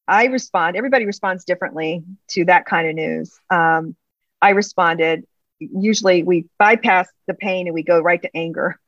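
Low-voiced middle-aged woman telling her story. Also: dry recording. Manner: earnest storytelling, acts out past dialogue. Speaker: pastor's wife, guest. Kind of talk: personal testimony in an interview. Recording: slightly dull lo-fi sound.

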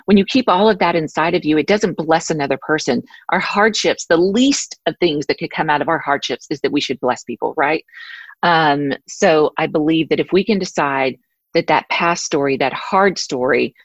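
Woman, low voice, earnest, rambling, dry close sound, dull lo-fi audio. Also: normal speed, no room sound. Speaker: podcast guest, author. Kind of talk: casual interview talk.

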